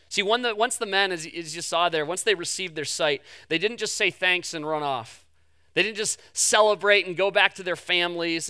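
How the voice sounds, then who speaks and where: A man with a high, bright and crisp voice delivers a sermon from the pulpit. He stutters on repeated words, races through asides and then slows to a stretched, emphatic delivery. The sound is close and dry. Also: no echo. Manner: repeats words in quick restarts; swings between fast asides and slow emphatic lines. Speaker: pastor.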